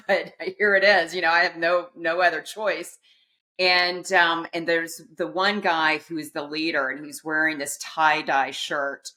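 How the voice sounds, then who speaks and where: A middle-aged woman speaks in a low register, taking her time as she tells a personal story. Her tone is bright and forceful. She acts out the quoted lines and laughs at herself along the way. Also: level tone, a little slow. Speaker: podcast guest.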